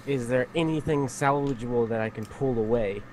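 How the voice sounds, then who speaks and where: A man's voice: mid-range voice, a little mellow, slight background noise, poor audio. Casual man playing a tabletop game. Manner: casual, swears, halting. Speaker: player.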